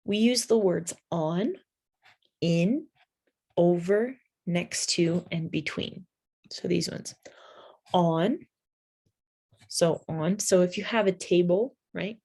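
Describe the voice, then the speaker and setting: A woman gives an English lesson at an unhurried pace, in a voice that sits slightly low. She spells words out letter by letter and keeps checking in with her learners. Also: warm tone. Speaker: English teacher.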